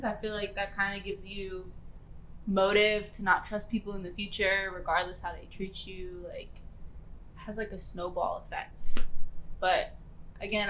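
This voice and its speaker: A woman with a crisp, bright voice chats on a podcast in a laid-back, reflective way. She adds teasing remarks, and faint background noise runs under her. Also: medium pitch, rough recording. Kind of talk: casual chat.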